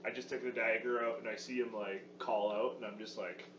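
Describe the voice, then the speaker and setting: A man's voice: lowish voice, steady tone, brisk, a bit bright. A man playing a tabletop game, describing his actions in a rambling, casual way with many fillers. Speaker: player. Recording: echoey room, far mic, dull sound, noise.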